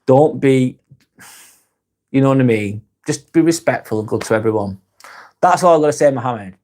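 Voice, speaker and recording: A man's voice: mid-range voice, animated, normal speed, a little mellow. A man with a British accent hosting a casual live stream, reading out viewer comments and answering them bluntly, swearing freely and often laughing.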